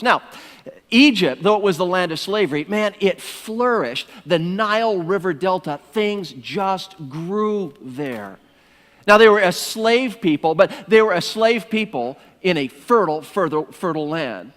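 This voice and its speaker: A male pastor preaching a sermon in an animated storytelling manner, calling his listeners "my friends", in a church sanctuary. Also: high voice, unhurried, big-room sound.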